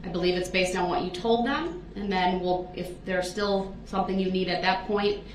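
A woman judge speaks in a calm, measured way, patiently laying out how the proceedings will go. Her voice comes from a distant mic in an echoey courtroom. A faint hum of room noise sits underneath. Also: fairly low pitch.

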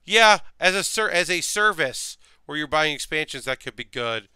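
Tired guy chatting on a build stream, bright crisp voice, dry sound, mutters while working. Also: fairly high pitch, lively intonation, moderate pace, dry recording. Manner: rambling, thinks aloud, mutters to himself while working. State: sleepy, yawning. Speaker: streamer building model kits. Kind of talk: casual live-stream chat while building.

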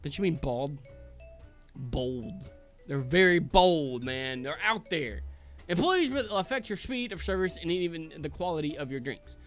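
A man hosting a casual let's-play, chatting in an excitable, jokey way while he plays. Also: fairly high pitch, normal speed, soft background music. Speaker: gaming channel host.

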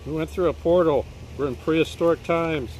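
A woman voicing a gruff, grumpy father figure who talks in a flat, grumbling way, a little off-mic. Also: sits low, a little fast, muffled recording, a little hiss or hum, pitched below the performer's own voice, lightly acted.

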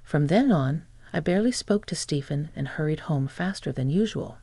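A narrator reading a first-person family revenge story in an even, scripted way, taking every quoted part without changing voice. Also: medium pitch, moderate pace, no echo.

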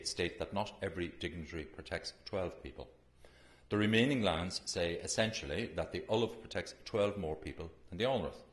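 Male academic lecturer, very low voice, halting and filler-heavy, echoey room. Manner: halting, many fillers and restarts. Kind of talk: conference lecture.

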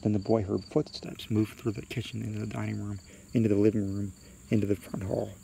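A man reading a spooky story aloud in a hushed, suspenseful way. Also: fairly low pitch, level tone, a little fast, gravelly, slight background noise.

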